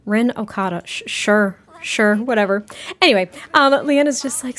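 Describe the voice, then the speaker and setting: A woman's voice: mid-range voice, moderate pace, fairly bright tone. A young woman narrating a life-sim game story in a chatty, giggly, rambling way. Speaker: gameplay creator.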